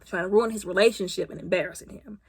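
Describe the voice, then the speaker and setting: A woman giving a casual, comedic movie review. She retells the plot in an animated, colloquial way and repeats words as she restarts. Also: medium pitch, fast talker, slightly rough.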